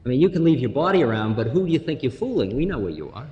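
A man's voice: medium pitch, big pitch swings, racing, highs cut off. Wry man talking in a reverberant hall. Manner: wry, laughing, musing, playful asides. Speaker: spiritual lecturer. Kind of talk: storytelling talk.

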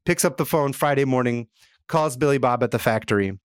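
A man hosting a podcast, telling a comic story in an animated way and acting out characters. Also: medium pitch, fairly quick, clean tone, no room sound, clean studio sound. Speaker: podcast host. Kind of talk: comedic storytelling.

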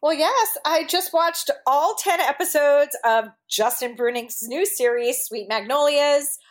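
A woman co-hosting an interview podcast, cheerful and quick to laugh. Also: high-pitched. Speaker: podcast co-host. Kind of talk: casual interview chat.

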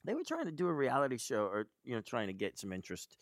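A middle-aged man rambles through old stories in a loose, casual chat. His voice is gravelly and his pitch swings widely. The sound is dry and close. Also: wildly swooping pitch, fast talker, no room sound. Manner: rambling storyteller, laughs hard. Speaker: podcast guest.

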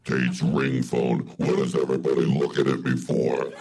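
A man voicing a tough, touchy devil with a feminine temper, gravelly and growling, ranting and swearing in a live comedy bit. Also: very deep voice, monotone, moderate pace, mellow, slight background noise, voice pushed down. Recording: live audience laughter audible. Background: audience laughing.

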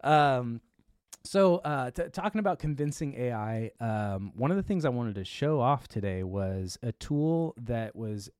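Man, tech show host, casual rambling chat, lots of fillers, mid pitch, dry close sound. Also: lively intonation, measured pace, darkish tone, clean tone, no room sound. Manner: rambling, with many fillers and restarts.

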